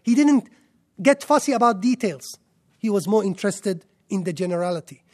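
A man's voice: high voice, expressive, normal speed. A man giving a sermon in an emphatic way, stacking up lists and rhetorical questions. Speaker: preacher.

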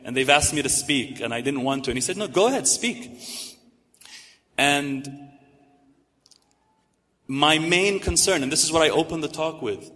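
A man's voice: a little high, normal speed, pauses often, bright, forceful tone. Emphatic male speaker in an echoing hall. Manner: emphatic, building lists with rising stress. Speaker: religious speaker. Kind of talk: religious lecture to a live audience. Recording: echoey hall reverb.

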